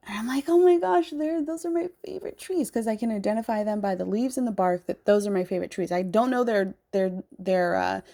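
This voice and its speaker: A woman's voice: mid-range voice, a little mellow. A woman in her thirties from the Pacific Northwest, rambling in a heartfelt spiritual talk and swearing casually. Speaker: spiritual channel host.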